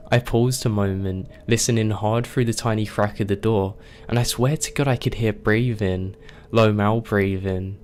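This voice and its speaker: A man reading a scary story aloud as scripted narration, telling it slowly and with suspense. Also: on the low side, a little mellow, a little hiss or hum.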